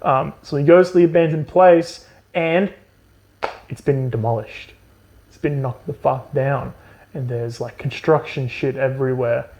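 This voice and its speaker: This podcast co-host has a mid-range, gravelly, darkish voice and a measured pace, and the recording's highs are cut off. He gives a sarcastic, profane recap of a book, laughing often at its plot in a comedic chat.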